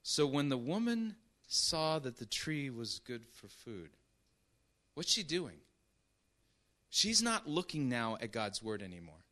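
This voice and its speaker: Male preacher, sermon, emphatic, unhurried, forceful bright tone. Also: on the high side, very animated. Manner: emphatic, keeps checking in with "right?" and "okay?".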